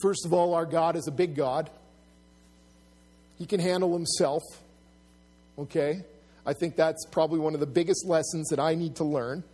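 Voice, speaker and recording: Earnest preacher man, higher voice. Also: steady tone, normal speed, pauses often. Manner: earnest, restarts often, rises loud and high when acting out mockers. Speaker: pastor. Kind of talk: sermon.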